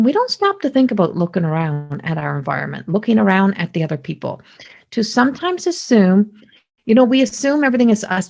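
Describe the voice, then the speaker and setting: Woman, middle-aged, podcast host, fairly high voice, talkative, restarts often. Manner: animated, talkative, many restarts. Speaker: psychic medium. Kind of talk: casual spoken monologue.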